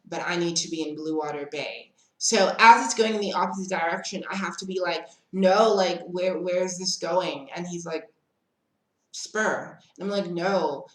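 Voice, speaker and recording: A woman's voice: lowish voice, roomy sound, low-quality recording. A young woman telling a dramatic story in a casual, chatty way, full of "like". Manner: animated, dramatic storytelling with lots of "like". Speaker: vlogger.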